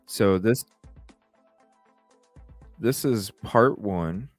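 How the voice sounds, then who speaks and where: Male stream host, deep voice, close dry sound, loose chatty rambling delivery. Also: extremely slow, no room sound, faint music behind. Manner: rambling, many fillers and restarts; reads out and greets chat viewers. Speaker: livestream host. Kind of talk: casual livestream chat.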